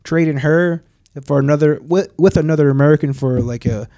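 A man's voice: fairly high pitch, fairly quick, dark tone, dry recording, clean studio sound. A man co-hosting a casual chat, throwing in joking asides and lots of mm-hmms.

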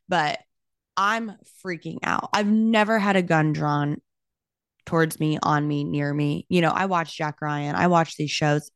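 A young woman, a realtor hosting her own podcast, telling a story in an animated, casual way and saying "like" a lot. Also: lowish voice, no echo, clean studio sound. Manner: animated, talks with her hands, heavy use of "like".

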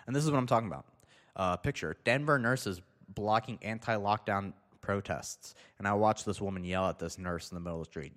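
Low-voiced man ranting sarcastically. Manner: sarcastic, swears a lot. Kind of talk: profane comedic rant. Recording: long reverb.

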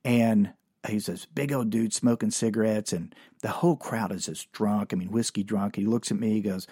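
A man's voice: lowish voice, steady tone, normal speed, warm tone, husky, no room sound, clean studio sound. A man hosting a podcast and telling his own comedy stories from memory, rambling and self-deprecating with lots of fillers. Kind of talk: comic storytelling from memory.

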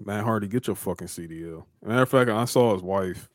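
A man's voice: lowish voice, fairly quick, no echo, clean studio sound. A man co-hosting a podcast, ranting in casual chat, swearing heavily and repeating himself. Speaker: podcast co-host.

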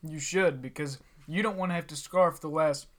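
A man's voice: a little high, moderate pace, fairly bright tone. A man co-hosting a casual podcast, laid-back, mostly giving short agreeing replies. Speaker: podcast co-host.

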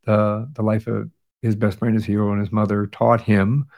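A man's voice: lowish voice, flat delivery, moderate pace, gravelly, a little mellow. A man hosting a podcast, recapping past episodes in a casual chat with fillers and restarts, sounding tired. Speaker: podcast host.

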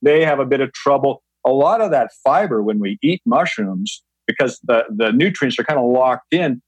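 A man's voice: medium pitch, expressive, moderate pace, breathy edge, no room sound, rough recording. A man speaking as a guest, explaining things patiently in an interview, often restarting and repeating words. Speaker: guest, mushroom grower.

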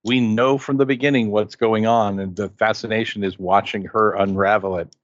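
A man's voice: fairly low pitch, fairly even intonation, moderate pace, no echo, highs cut off. A man co-hosting a casual movie chat, enthusiastic and rambling, with playful asides. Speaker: podcast co-host.

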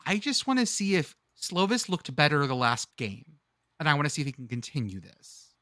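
A man co-hosting a chatty sports podcast, his voice bright and lively with wide swings in pitch. He keeps trailing off to dig up names. The sound is dry and close. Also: normal speed, no echo. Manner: animated, swearing, searching for names mid-sentence. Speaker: podcast co-host. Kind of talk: casual chat.

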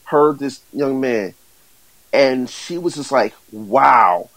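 A man who owns a music management company, answering interview questions haltingly before building into an enthusiastic pitch for his artist. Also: a bit bright, dry recording, low-quality recording. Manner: halting, many fillers and restarts, then builds to enthusiastic pitching.

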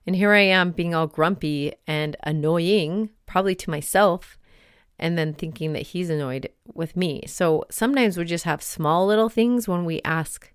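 A woman with a low, smooth voice talks through personal stories in a loose, chatty way. She is recorded close up with a dry sound and no room around her. Her talk is full of little fillers and restarts. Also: normal speed, no echo. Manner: chatty, storytelling with many fillers. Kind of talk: casual reflective monologue with read-aloud story.

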